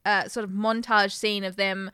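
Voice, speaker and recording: A woman casually recapping a film in a podcast chat, easygoing and quick to agree. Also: medium pitch, level tone, pushed and bright, smooth, no echo, clean studio sound.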